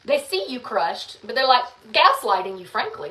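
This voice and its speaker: A woman's voice: fairly high pitch, big pitch swings, normal speed, sharp tone. A woman talking frankly and earnestly in a casual confessional vlog. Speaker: online content creator. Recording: roomy, some distance from the mic.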